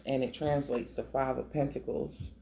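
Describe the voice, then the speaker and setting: A man's voice: mid-range voice, steady tone, moderate pace, vocal fry, warm tone, a little hiss or hum. A man giving a casual, emotional tarot reading, talking conversationally with many restarts. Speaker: tarot reader.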